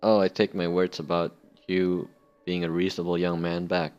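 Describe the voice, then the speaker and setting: Deep-voiced joking let's play man. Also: moderate pace, smooth, dull audio, faint music behind. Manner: excitable and joking, laughs, gets loud. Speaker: gaming YouTuber.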